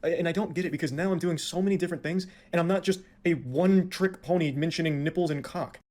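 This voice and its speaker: A man's voice: on the high side, fast, darkish tone. A man in a played video talking frankly and self-critically about his past content. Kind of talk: candid talk to camera.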